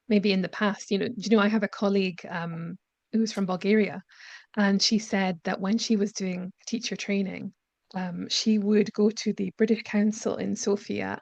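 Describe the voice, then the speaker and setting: A woman teacher trainer presenting a webinar on accents, explaining in a measured way with frequent ums. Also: mid-range voice, gravelly, darkish tone, no room sound. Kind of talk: lecture-style webinar presentation.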